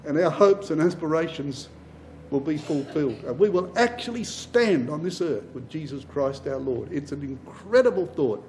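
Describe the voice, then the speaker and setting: A man's voice: a little high, lively intonation, moderate pace, a little mellow, slight background noise, low-quality recording. A man giving a Bible class as a sermon, speaking with passion, building up through repeated phrases and addressing his listeners as brothers and sisters.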